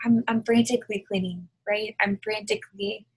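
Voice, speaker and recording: A woman's voice: medium pitch, fairly even intonation, normal speed, breathy edge, low-quality recording. A woman giving a casual devotional talk over a video call from her living room, chatty and full of fillers and tag questions. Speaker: devotional speaker.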